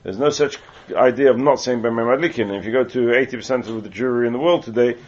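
A man's voice: medium pitch, fast, a little mellow. A man from England teaching a Torah lesson, reading Hebrew text aloud and then explaining it in English, with asides along the way. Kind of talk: Talmudic lecture. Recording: muffled lo-fi recording.

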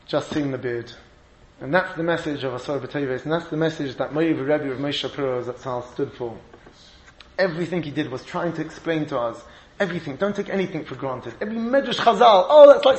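A man giving a Torah lecture, emphatic and animated, laughing often and mixing in Hebrew and Yiddish terms. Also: a little high, roomy sound, slight background noise, poor audio. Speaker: rabbi giving a shiur.

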